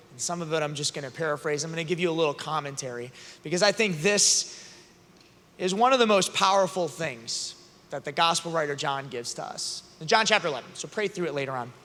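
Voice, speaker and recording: A man speaking at a youth conference, retelling a scripture story with humor and acting out the characters. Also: a little high. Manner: animated, joking, acts out characters. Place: large conference hall. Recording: long reverb of a large venue.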